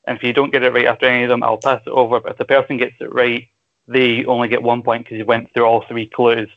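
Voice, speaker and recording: A man's voice: medium pitch, flat delivery, quick pace, phone-quality sound. A Scottish man hosting a casual podcast quiz, joking crudely and explaining the rules at length. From Scotland. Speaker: quiz host.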